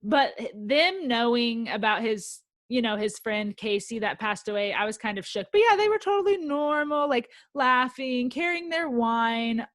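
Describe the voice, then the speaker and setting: A woman's voice: fairly high pitch, animated, a bit bright, no room sound. Chatty young-sounding podcast woman, dry mic. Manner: chatty, quick, lots of "like". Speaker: podcast co-host. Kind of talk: casual chat about reality TV.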